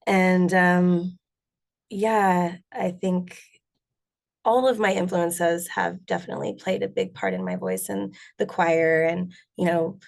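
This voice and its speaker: A woman singer and bassist chatting in an interview, rambling with lots of fillers. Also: animated, slow pace, creaky. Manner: rambling, many fillers, laughs often. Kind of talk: casual interview chat.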